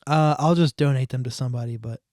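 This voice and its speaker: A man's voice: mid-range voice, fast talker, a little mellow, dry recording, clean studio sound. A man co-hosting a podcast in casual chat, rambling and restarting with plenty of swearing. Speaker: podcast co-host.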